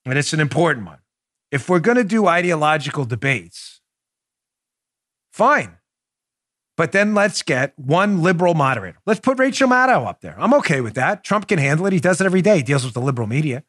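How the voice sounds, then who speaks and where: A man hosting a political talk podcast, his voice sitting somewhat high for a man. He argues with emphatic indignation and speaks straight to his audience. The recording is close and dry, with almost no room sound. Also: very animated, a little fast, fairly bright tone, no room sound. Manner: emphatic, indignant, addresses listeners directly. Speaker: podcast host. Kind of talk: political commentary show.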